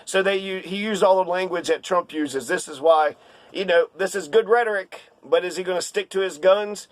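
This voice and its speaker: Heated male commentator, sarcastic rant, high-pitched, dry close mic. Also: moderate pace, dry recording. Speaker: political commentator. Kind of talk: casual ranting commentary.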